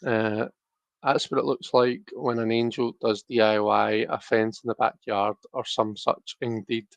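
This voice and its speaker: A man in his thirties rambles through a casual livestream chat with viewers, circling back and restarting his sentences. His voice has a gravelly, fry-laden texture and sits at an ordinary pitch. The sound is dry and close, with almost no room echo. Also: level tone, unhurried. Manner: rambling, chatty, many restarts and fillers. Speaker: tarot livestream host.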